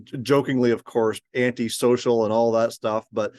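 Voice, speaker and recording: A man asks a podcast guest questions, pausing often on "uh" as he goes. His pitch is ordinary, and the room is dry, with almost no echo. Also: steady tone, a little mellow. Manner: hesitant, filler-heavy questions. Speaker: podcast co-host. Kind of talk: casual podcast interview.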